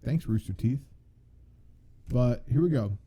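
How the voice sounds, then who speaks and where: A man's voice: medium pitch, expressive, a little slow, warm tone, slightly rough. A young man from the United States co-hosting a casual podcast, joking and laughing often. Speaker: podcast co-host. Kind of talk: casual chat.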